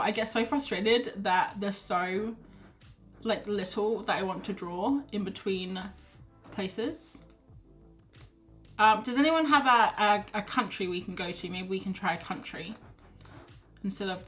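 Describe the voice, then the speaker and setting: A woman livestreaming her art, chatting casually and laughing at herself as she thinks out loud. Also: medium pitch. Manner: chatty, self-deprecating, thinks aloud while reading chat. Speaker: art streamer.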